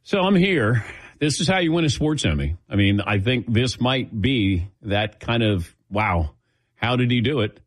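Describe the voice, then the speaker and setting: A man's voice: medium pitch, animated, a little slow. A middle-aged man hosting a casual sports talk show, telling self-mocking stories and acting out the voices of the people in them, a little lightheaded. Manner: self-mocking storyteller, acts out quotes. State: lightheaded after giving blood. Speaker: sports radio host.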